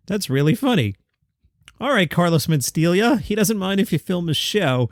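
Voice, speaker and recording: A man's voice: a little high, very animated, normal speed, no echo, studio quality. A middle-aged man hosting a comedy news podcast, reading headlines with wry, self-mocking asides to himself. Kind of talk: scripted comedy news commentary.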